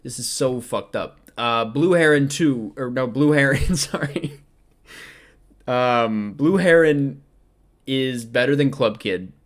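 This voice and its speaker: A man's voice: mid-range voice, slow. Rambling young man ranking films aloud. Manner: rambling, self-questioning, frequent ums. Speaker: film vlogger ranking movies. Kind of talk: casual chat.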